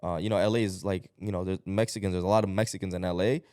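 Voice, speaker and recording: A man from Ecuador co-hosting a podcast, talking fast in a rambling, animated way with plenty of slang. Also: deep voice, dry recording, clean studio sound. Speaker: podcast co-host. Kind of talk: casual podcast chat.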